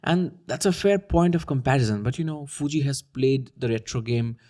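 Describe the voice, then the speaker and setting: Brief Man in his own voice, chatty and teasing, mid-pitched, casual commentary to camera. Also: moderate pace, darkish tone. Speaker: camera YouTuber. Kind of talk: casual talking-head commentary.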